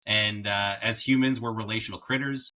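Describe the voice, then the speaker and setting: A man hosts a podcast with enthusiasm, leading into his questions with long setups. His voice is low and very bright, sharp and forceful. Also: steady tone, moderate pace. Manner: enthusiastic, sets up questions at length. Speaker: podcast host. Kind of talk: casual interview.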